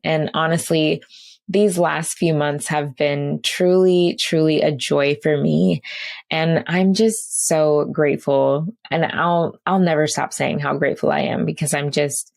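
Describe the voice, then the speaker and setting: A woman's voice: deep voice, creaky, a little mellow. A woman hosting a podcast, signing off in a casual, earnest way, gushing and often repeating herself. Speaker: podcast host.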